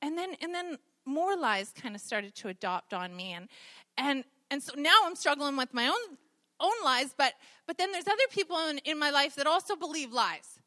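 A woman's voice: high-pitched, very animated, moderate pace, sharp tone. A woman preacher giving a conversational sermon, telling stories with humor. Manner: chatty, storytelling with humor.

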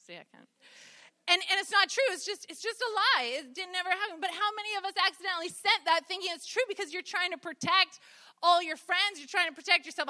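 A woman's voice: very high voice, quick pace, bright, forceful tone. A woman preacher giving a conversational sermon, telling stories with humor. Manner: chatty, storytelling with humor.

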